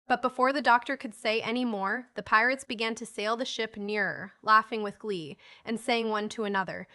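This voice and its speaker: A woman's voice: fairly high pitch, fairly even intonation, moderate pace, hardly any pauses, pushed and bright. A woman narrating a children's storybook audiobook, reading each character in a lightly lifted voice.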